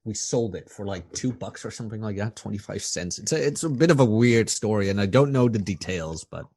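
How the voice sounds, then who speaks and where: A man's voice: lowish voice, fairly quick, husky, no echo. Young Dutch man, dry close sound. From Netherlands. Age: young adult. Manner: animated, ranting, swears casually. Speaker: podcast guest. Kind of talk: casual chat.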